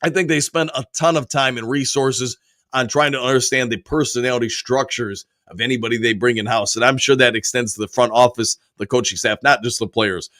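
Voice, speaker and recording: A man hosting a live sports talk stream. He is hoarse from a cold and reads viewer comments aloud, answering each one in a casual way. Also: mid-range voice, fairly even intonation, fairly quick, a bit bright, dry recording, studio quality. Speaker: sports show host reading chat.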